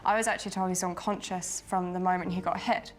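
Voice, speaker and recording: A young woman, a medical student, recounting events calmly and matter-of-factly in a TV interview. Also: fairly low pitch, fast. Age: 20s. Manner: calm, matter-of-fact. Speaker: soldier's girlfriend, medical student.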